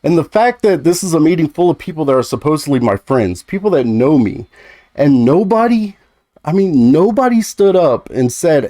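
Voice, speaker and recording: Mellow-voiced man telling a personal story. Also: fairly high pitch, big pitch swings, normal speed, dry recording, clean studio sound. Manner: conversational, many fillers and restarts. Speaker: gaming YouTuber.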